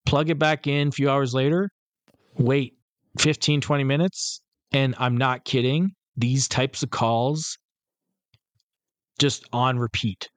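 In a casual podcast chat, a male co-host spins a rambling, profane tale and performs the quoted lines. His voice is medium-pitched and steady, slow, with long pauses, and the sound has no echo.

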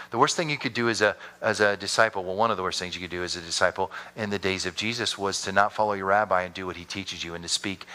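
Bright-voiced animated male pastor preaching. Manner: animated storytelling preacher with sudden high-pitched bursts. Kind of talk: sermon.

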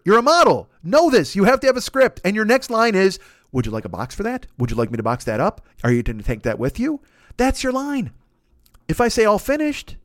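A man with a high voice spins a long comic rant packed with swearing. His pitch leaps around as he does the voices of everyone in the tale. The sound is dry and close, with no room around it. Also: no room sound. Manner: profane, animated, acts out voices in his stories. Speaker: podcast host. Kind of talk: comic storytelling monologue.

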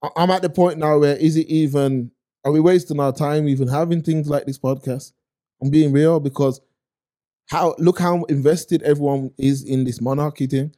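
A man's voice: fairly high pitch, fairly even intonation, moderate pace, dark tone. A man talking earnestly in a casual podcast chat, often repeating his points. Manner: questioning, earnest, repeats himself. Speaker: podcast co-host.

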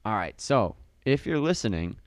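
A man's voice: fairly low pitch, very animated, normal speed, no echo, clean studio sound. A male fitness coach co-hosting a casual podcast, talking in an upbeat coaching tone with a slight lisp from a sore tongue.

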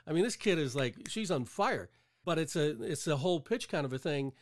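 A man's voice: fairly high pitch, lively intonation, a little fast. A man hosting an interview and coaching talent, asking leading questions and encouraging his guest. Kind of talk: casual interview chat.

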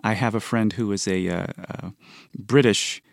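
A man explains composing in a measured, thoughtful way, sometimes counting out beats. His voice sits on the low side. It sounds close and dry, with no room around it. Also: creaky, dry recording. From United States. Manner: thoughtful, counts beats and hums rhythms aloud. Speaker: composer guest. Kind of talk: explanatory interview talk.

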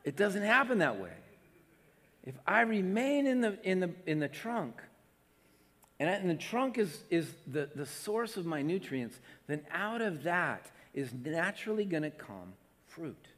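A man preaching a sermon in a fairly high voice, moving between animated emphasis and soft, hushed passages. His words ring out with a long reverb, as in a large hall. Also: a little slow. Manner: animated preaching, acts out Jesus's delighted voice, drops to soft hushed tones. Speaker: pastor.

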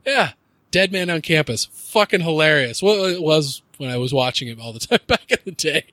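A man's voice: on the high side, lively intonation, moderate pace, fairly bright tone, no room sound. A man hosting a podcast in casual chat, swearing a lot, laughing often and slipping into mock voices. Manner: profane, giggly, slips into mock voices. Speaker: podcast host.

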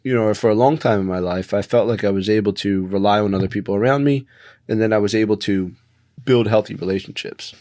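A man in his thirties speaking as a podcast guest, earnest and halting, with many restarts. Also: lowish voice, a little mellow, no echo, studio quality. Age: 30s. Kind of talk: conversational interview.

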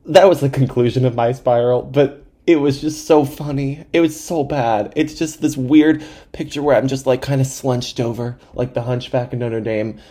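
Podcast host in his twenties, animated comic storyteller with a mellow voice, mocks himself and swears freely. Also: medium pitch, normal speed. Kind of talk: comedic storytelling monologue.

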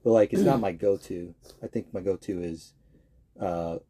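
Casting: young man, low mellow voice, slight husk, relaxed banter. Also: moderate pace, slight background noise. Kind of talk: casual podcast chat.

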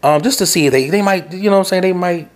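A man's voice: high voice, quick pace. A man hosting a podcast, telling a rambling, profane story. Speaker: podcast host. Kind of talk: casual rant.

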